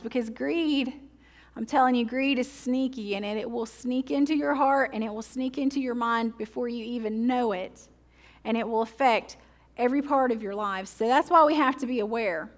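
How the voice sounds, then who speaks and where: A woman teaching pastor delivering a sermon, slowing down to read scripture aloud and adding joking asides and rhetorical questions. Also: on the high side. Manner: reads scripture slowly and deliberately.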